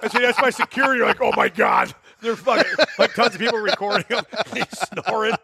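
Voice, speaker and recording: A man co-hosting a casual podcast, spinning rowdy stories with frequent laughter and swearing. His voice sits high with a gravelly edge and a bright, forceful tone. The sound is dry and close to the mic. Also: a little fast, dry recording. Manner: laughing often, swearing, animated storytelling. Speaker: podcast co-host. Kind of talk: casual storytelling chat.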